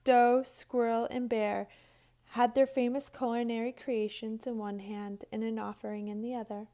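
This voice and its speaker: A woman reading a children's picture book aloud, clear and expressive. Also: on the high side, normal speed. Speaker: storybook reader. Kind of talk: children's story read-aloud.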